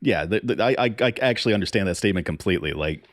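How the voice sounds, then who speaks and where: A man with a fairly low voice chats loosely on a podcast. The sound is dry and close to the mic. He curses casually and laughs easily between points. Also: racing, no echo. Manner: animated, profane, laughs often. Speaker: podcast co-host. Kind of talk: casual chat.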